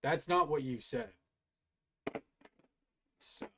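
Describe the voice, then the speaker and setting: A man's voice: mid-range voice, drawn-out words, fairly bright tone. A man giving casual live-stream commentary as he reacts to live videos, mocking and swearing a lot and arguing back. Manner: profane, mocking and argumentative.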